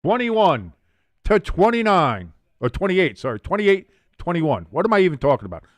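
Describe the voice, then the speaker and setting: Excitable man calling plays on a stream. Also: sits high, normal speed, dry recording. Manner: excitable, rising sharply on big plays; chatty asides, reading out viewer comments. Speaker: watch-along stream host. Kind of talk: casual play-by-play commentary.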